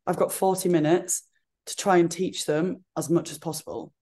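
A woman's voice: lowish voice, normal speed. Chatty woman guest with a regional accent. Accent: regional accent she calls her own. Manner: chatty, frequent "like" fillers, animated retelling. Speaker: podcast guest, fitness coach. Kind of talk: casual interview chat.

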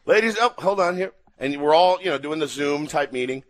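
A man's voice: fairly high pitch, a little fast. A male radio host animatedly telling a funny story in casual chat, acting out quotes. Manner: excitable, acts out quotes, laughing.

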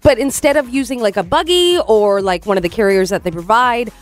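A woman co-hosting a morning radio show, telling a story in an animated, chatty way and acting out the voices. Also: a little high, fairly quick. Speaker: radio co-host.

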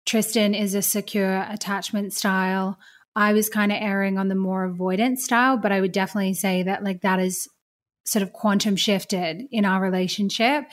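A woman with a mid-range voice speaks as a podcast guest. She talks openly and reflectively, in an easy, conversational way. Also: mid-range voice. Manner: open, reflective storytelling. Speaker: podcast guest, business owner. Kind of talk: casual interview chat.

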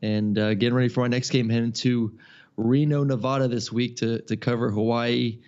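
A man who calls football games, chatting loosely on a sports podcast in a relaxed, rambling way. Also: medium pitch, normal speed, highs cut off. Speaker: podcast co-host and football broadcaster. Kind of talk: casual sports podcast chat.

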